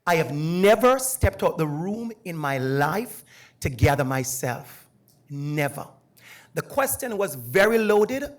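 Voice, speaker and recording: Animated man with a Jamaican accent. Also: on the high side. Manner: animated and emphatic. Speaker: university lecturer on a panel. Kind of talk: personal testimony at a panel discussion.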